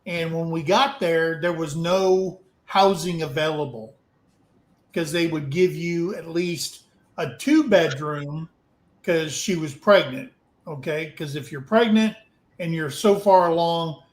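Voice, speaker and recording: A man's voice: a little high, echoey room, low-quality recording. A man casually telling a frank, rambling story to a livestream audience, swearing now and then. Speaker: open mic storyteller.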